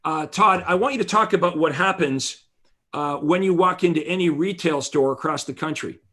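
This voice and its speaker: A man's voice: fairly high pitch, moderate pace, pushed and bright. Motivational man hosting a virtual seminar. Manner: motivational, addresses audience directly, asks for chat replies. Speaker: real estate coach and conference host. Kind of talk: energetic seminar presentation.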